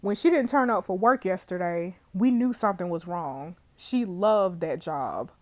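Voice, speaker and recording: A young woman reading a detective game's dialogue aloud, voicing all the characters in her own voice and adding quick asides. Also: on the low side, lively intonation. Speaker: streamer playing a detective game.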